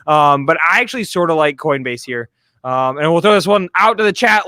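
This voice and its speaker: Energetic male stock show host, bright edge, stammers and restarts. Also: a little high, no echo. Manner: fast, excitable, stammering restarts. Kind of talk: live stock market show.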